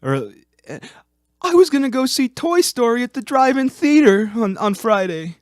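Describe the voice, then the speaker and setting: Man doing a high whiny complaining coworker. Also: big pitch swings, moderate pace, darkish tone, no room sound, studio quality. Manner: high, plaintive and grumbling.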